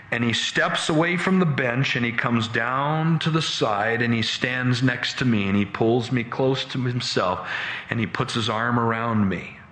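A man preaching, telling a dramatic story with animated, halting retelling, in an echoey room. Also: mid-range voice. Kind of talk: sermon storytelling.

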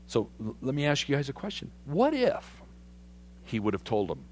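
A man preaching a sermon, animated and conversational, putting questions to his congregation. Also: medium pitch, moderate pace, a little hiss or hum. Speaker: pastor.

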